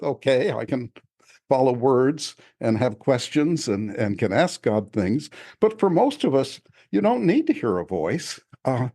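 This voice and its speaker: A man, an author, talking in a relaxed podcast conversation, reflective and often chuckling as he restarts his sentences. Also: mid-range voice. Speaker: author discussing his spiritual experiences. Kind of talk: casual conversational podcast talk.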